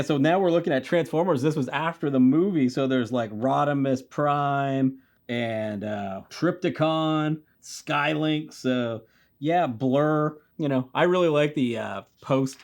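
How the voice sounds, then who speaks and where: A man in his forties hosting a casual, rambling commentary full of fillers. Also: medium pitch. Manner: rambling, filler-heavy, relaxed. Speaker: host.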